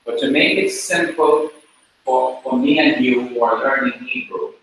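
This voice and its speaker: A man teaching a class, talking slowly and repeating words for the students to drill. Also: mid-range voice, steady tone, fairly bright tone. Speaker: Hebrew teacher. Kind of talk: classroom lecture. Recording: very echoey room, mic far off, faint noise.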